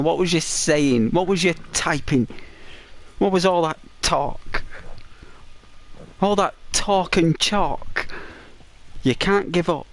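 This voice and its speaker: A man from England hosts a relaxed game livestream and reads out viewers' comments as he goes. He talks at an unhurried pace in a slightly raised voice, greeting each viewer by name and cheering them on. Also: sits high. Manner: chatty, encouraging, addresses chat by name. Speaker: gaming livestreamer. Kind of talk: casual chat reading viewer comments.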